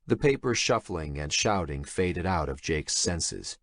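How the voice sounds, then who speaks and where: A man narrating an audiobook in a dramatic, expressive reading style. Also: a bass voice, unhurried, few pauses, no echo, studio quality. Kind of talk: scripted narration.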